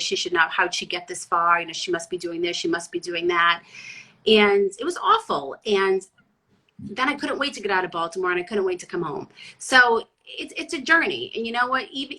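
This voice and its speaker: A middle-aged woman from Boston talks bluntly and with plenty of animation in a casual interview chat. Her voice is bright, with a slightly husky grain to it. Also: fairly low pitch, low-quality recording. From Boston area, USA. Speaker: guest, chef and former sports reporter.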